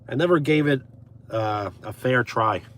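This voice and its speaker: A man's voice: mid-range voice, unhurried, a bit bright. A young man from Brooklyn, chatting casually on a live stream from his car, thanking viewers by name. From Brooklyn, USA. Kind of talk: casual live stream chat reading comments. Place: inside a car.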